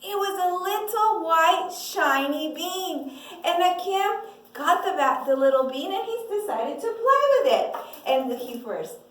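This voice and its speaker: High-pitched woman telling a kids' story, super expressive, echoey room, mic far away. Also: unhurried. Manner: lively, expressive, asks the listeners questions. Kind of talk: animated children's story telling.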